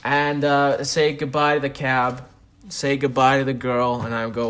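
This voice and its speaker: A man's voice: mid-range voice, level tone, unhurried, a bit bright, smooth. A man hosting a podcast, telling a comic story in a profane, self-mocking monologue. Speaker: podcast host.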